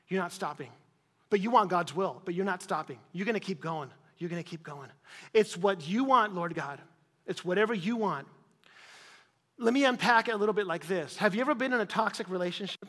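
A male pastor preaching an insistent sermon, repeating phrases and rising to sudden loud peaks. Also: high voice. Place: church hall. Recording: reverberant church hall.

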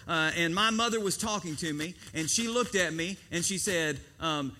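A man's voice: a little high, fairly quick, bright, forceful tone. A man in his thirties preaching a sermon, telling a childhood story with acted-out quotes and questions to the congregation. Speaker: pastor.

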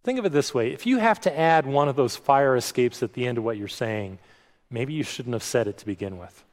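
A middle-aged male pastor gives a sermon in a chatty, self-deprecating manner, stumbling over his words now and then. His voice sits at an ordinary pitch. It carries a long reverb, as if spoken in a large hall. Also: animated, a little fast. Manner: conversational, self-deprecating, frequent restarts and quoted asides.

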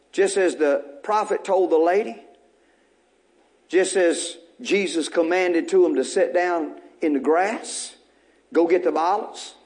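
A man's voice: high voice, a little mellow. A male pastor preaching a sermon, calling out questions to the congregation and repeating short phrases, with folksy joking asides.

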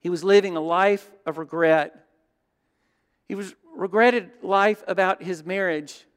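A man preaching a sermon as pastor, telling stories and dropping from loud to hushed. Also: high-pitched, a little slow, smooth. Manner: storytelling, shifts between loud and hushed. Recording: long hall reverb.

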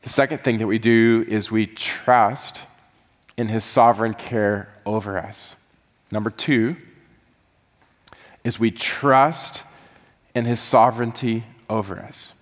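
A man's voice: fairly low pitch, fairly even intonation, takes it slowly, pauses often, in a large hall. A man preaching a sermon as pastor, earnest and building into fervent, pleading prayer.

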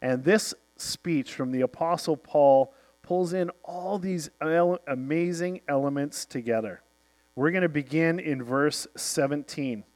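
A man's voice: on the high side, a little slow, a little mellow. A middle-aged male pastor preaching a sermon, telling stories and quoting famous speeches with drama.

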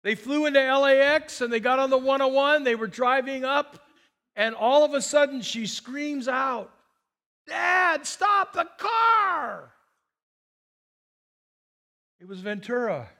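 A middle-aged man preaching a sermon as pastor, telling stories and acting out quoted voices with big swings. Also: very high voice. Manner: animated storyteller, acts out quotes with big swings.

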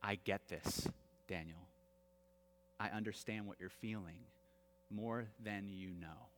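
A man voicing a gentle, fatherly God who speaks softly and tenderly, heard with long hall reverb. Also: lowish voice, animated, slow pace, slight background noise, pitched below the performer's own voice, full character voice.

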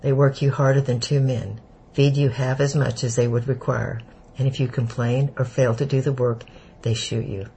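A man voicing an elderly Jewish refugee who speaks with a German accent, slow, heavy and bitter. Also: mid-range voice, little pitch movement, vocal fry, mellow, slight background noise, close to an everyday voice, poor audio. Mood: grim. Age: older. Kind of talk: audiobook character voice.

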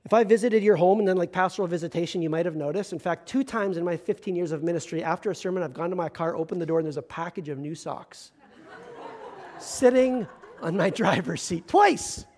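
A man, a pastor, giving a conversational sermon with self-deprecating humor and slow, emphatic stresses. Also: high voice, a little mellow.

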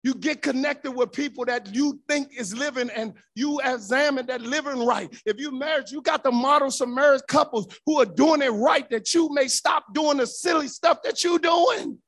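Brief: pastor, man, very high gravelly voice, shouts his sermon in a chanting rhythm before a congregation. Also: normal speed, hardly any pauses. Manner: fervent shouting preaching with a rhythmic, chanted cadence.

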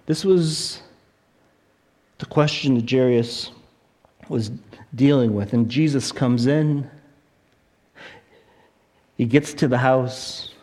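A man preaching a sermon, retelling a story with animated, acted-out voices. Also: medium pitch, slow pace, long pauses. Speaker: pastor.

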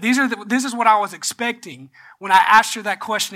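A male pastor preaching a sermon, telling a personal story and often going soft and choked up before rising into earnest exhortation. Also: high voice, steady tone, brisk, few pauses.

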